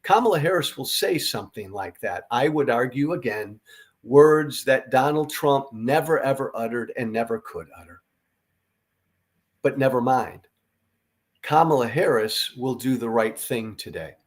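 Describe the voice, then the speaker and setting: A man's voice: medium pitch, lively intonation, unhurried. A tired middle-aged man hosting a political commentary monologue, earnest, emphatic and blunt, with occasional profanity. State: tired from no sleep. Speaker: podcast host.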